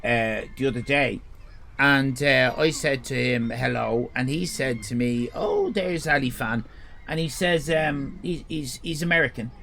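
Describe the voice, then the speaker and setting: A man's voice: mid-range voice, fairly even intonation, measured pace, creaky, pushed and bright, a little hiss or hum. An Irish man streaming live, chatting casually, rambling, joking crudely and reading chat messages aloud. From Ireland.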